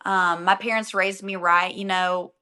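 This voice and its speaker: A woman's voice: mid-range voice, fairly even intonation, a little slow, bright, forceful tone, clear, resonant tone. A young adult woman, a singer and guest on an interview podcast, talking casually and animatedly, often laughing.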